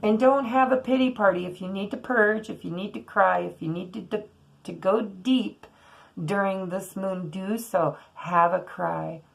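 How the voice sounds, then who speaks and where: A woman's voice: mid-range voice, fairly even intonation, a little slow, creaky, poor audio. A woman doing a casual tarot reading, giving blunt and earnest spiritual advice with the odd swear word. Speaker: tarot reader.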